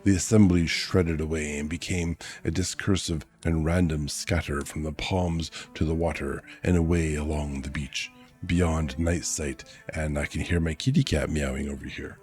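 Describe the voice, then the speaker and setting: Deep-voiced man reading a novel aloud. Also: fairly even intonation, normal speed, darkish tone, soft background music. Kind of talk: casual read-aloud with chatty asides.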